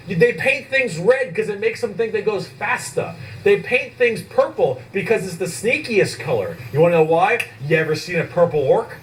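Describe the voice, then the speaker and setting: Male casual explainer with a slightly raised pitch. He is excitable and swears a lot, recorded a little off-mic. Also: moderate pace, hardly any pauses, distant mic, rough recording. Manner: enthusiastic, swears casually, repeats himself for comic effect.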